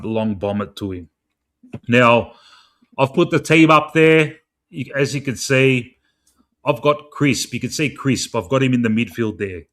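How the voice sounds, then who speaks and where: An Australian man in his young adult years rants through a football match preview, exasperated and swearing at every turn. His pitch sits at a middling level as he pleads straight to the coach. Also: a bit bright. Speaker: football fan podcaster.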